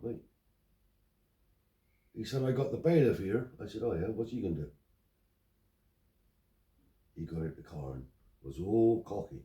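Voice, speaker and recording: Lowish in pitch, moderately paced and marked by long pauses, an older man's voice carries through a roomy, distant recording. He's a Romany Traveller interviewee telling stories in a casual chat and acting out the dialogue with animation.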